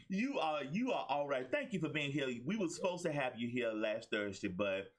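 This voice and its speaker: A man's voice: a little high, very animated, normal speed. A man hosting a live-streamed talk show, greeting each guest by name and chatting in a friendly way. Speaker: show host.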